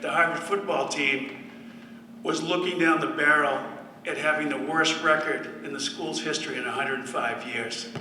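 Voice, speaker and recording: Bright-voiced man at a podium, dry storyteller, caught from across a roomy hall. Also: on the high side, a little hiss or hum. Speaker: former football player giving a speech. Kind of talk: speech to an audience. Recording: echoey hall from far off.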